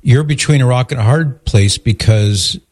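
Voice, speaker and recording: A man hosting a call-in radio show, calmly steering and summing up a caller's story. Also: medium pitch, normal speed. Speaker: radio talk show host.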